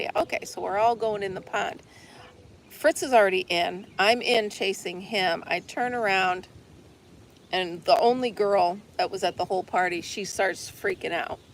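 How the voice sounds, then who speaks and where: A woman's voice: medium pitch, vocal fry, slight background noise. A woman chatting casually with her viewers outdoors on a deck, rambling and laughing often. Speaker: livestream host.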